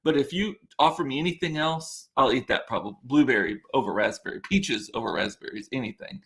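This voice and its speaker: Expressive and fairly quick, a podcast host with a mid-range, slightly bright voice rambles through a casual chat reading viewer comments. As he responds to viewers, he keeps cutting himself off mid-thought.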